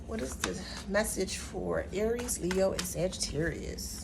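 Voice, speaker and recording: A woman's voice: medium pitch, a little slow, gravelly, background noise. A woman giving a casual tarot reading on her channel, talking in a sassy, chatty way full of playful slang. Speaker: tarot reader. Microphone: camera mic.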